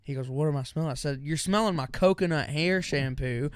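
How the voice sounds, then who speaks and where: A young man on a podcast, casually telling a story and slipping into the voices of its characters. His voice sits a little high. The sound is dry and close, with no room around it. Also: brisk, clean tone, dry recording. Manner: animated storyteller acting out quotes. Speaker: podcast co-host.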